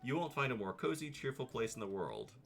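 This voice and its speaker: A man's voice: medium pitch, big pitch swings, a little fast, creaky, faint music behind, voice pushed up. A man voicing a cheerful, motherly hobbit woman who welcomes a newcomer in a chatty way. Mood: welcoming.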